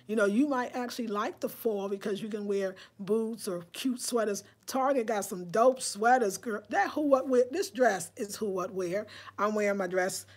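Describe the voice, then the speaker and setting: A woman in her fifties from New York, chatting casually to her viewers from her home in a breezy, friendly way, as if talking to girlfriends. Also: medium pitch. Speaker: lifestyle vlogger. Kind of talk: casual chat to the camera. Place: at home indoors.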